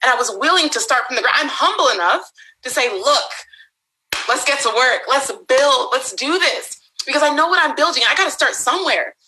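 Young woman pumping up a crowd, bright voice, laughs a lot, plays out the quotes. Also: sits high, fairly quick, rough recording. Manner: animated, laughs often, acts out quotes. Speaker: speaker on a summit panel. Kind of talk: motivational talk to an audience.

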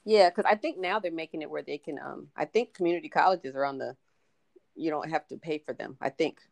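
A woman's voice: low voice, a little fast, creaky, darkish tone, no echo. A middle-aged woman, a podcast guest, telling stories in a casual chat and acting out the lines of people she quotes. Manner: storytelling, acts out quoted dialogue.

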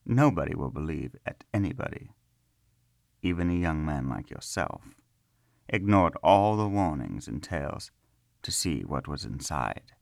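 A man voicing a calm, smiling young man bound by magic to a stone floor, speaking softly and pleasantly. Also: very deep voice, measured pace, vocal fry, dry recording, clean studio sound, full character voice. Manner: soft, pleasant and reassuring. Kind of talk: storybook character reading.

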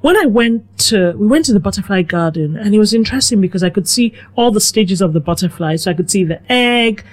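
A middle-aged woman from Nigeria, a guest telling her life story in a relaxed, reflective way. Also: medium pitch, fast, hardly any pauses. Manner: reflective, animated with quoted asides. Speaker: guest, food blogger. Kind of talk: conversational storytelling.

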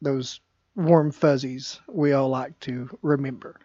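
A man's voice: medium pitch, fairly even intonation, slow pace, dark tone, husky, no echo. Hesitant man with a dull, dry sound. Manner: hesitant, many fillers and restarts. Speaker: podcast co-host. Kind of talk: casual chat.

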